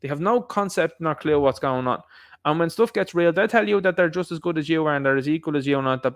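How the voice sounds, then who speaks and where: A man's voice: fairly high pitch, fast. Ranting man, raised voice. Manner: ranting, mocking, acts out quotes. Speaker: podcast host. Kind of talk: opinion commentary monologue.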